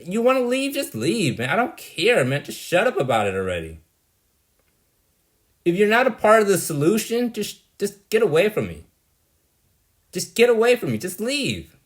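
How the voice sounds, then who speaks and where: A man's voice: high-pitched, huge pitch swings, moderate pace, pauses often. A man delivering a rambling, blunt monologue, dismissive and exasperated, often tagging "right?" onto his points. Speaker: vlogger.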